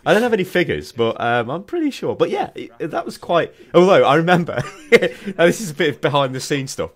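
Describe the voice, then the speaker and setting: A man's voice: fairly high pitch, big pitch swings, a little fast. A man hosting a casual chat, telling stories with animation and swearing freely. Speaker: host.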